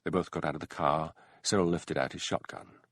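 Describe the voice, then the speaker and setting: A man narrating a mystery audiobook in an expressive storytelling voice, close to a studio mic. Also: rumbling low, brisk, dry recording.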